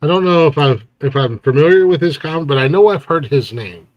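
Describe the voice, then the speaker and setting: A man's voice: a little high, animated, fairly quick, no room sound, dull audio. A man hosting a casual interview, easygoing and full of fillers. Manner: easygoing, filler-heavy, supportive. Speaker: talk show host.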